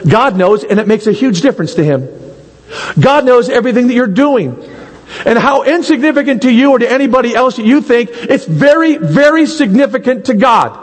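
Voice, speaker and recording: In a church, a pastor preaches a sermon, throwing rhetorical questions at the congregation and acting out little quotes. His voice is extremely high with lively intonation and a brisk pace, and the rough recording has a long reverb tail.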